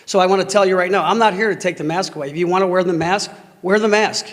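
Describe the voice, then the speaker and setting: Heated dad at board meeting mic, high voice, boomy hall reverb. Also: male voice. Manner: angry, emotional, halting. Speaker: parent giving public comment. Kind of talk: heated public comment at a meeting.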